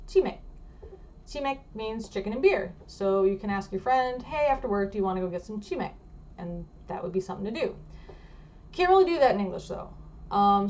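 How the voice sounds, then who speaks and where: A woman's voice: mid-range voice, lo-fi sound. A woman vlogger explaining things in a casual, rambling way, full of fillers and restarts.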